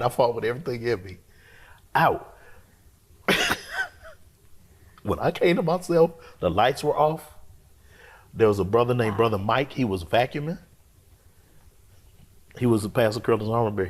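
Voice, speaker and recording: A man with a husky, slightly breathy voice and a middling pitch, speaking as a pastor. He tells his story in an expressive, colloquial way, often voicing his own thoughts aloud. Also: moderate pace, pauses often. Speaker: pastor, guest. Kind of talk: storytelling testimony in an interview.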